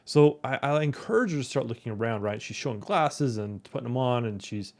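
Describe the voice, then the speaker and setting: A man's voice: mid-range voice, animated, brisk. Guy just chatting away, telling a story, keeps going "right?", regular mid voice. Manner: rambling, keeps asking "right?". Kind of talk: casual storytelling talk.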